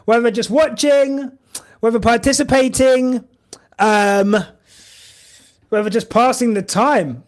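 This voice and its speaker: A man's voice: very high-pitched, slow, long pauses. A young man hosting a live stream, chatting casually and emotionally in a rambling way with lots of fillers. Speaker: podcast host streaming live.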